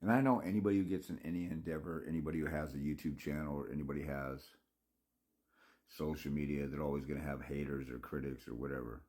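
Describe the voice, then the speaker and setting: A man's voice: very deep voice, fairly even intonation, quick pace, darkish tone. A man ranting to his viewers in a blunt, scolding, profane monologue, rambling with restarts and mocking asides. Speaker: father's rights consultant.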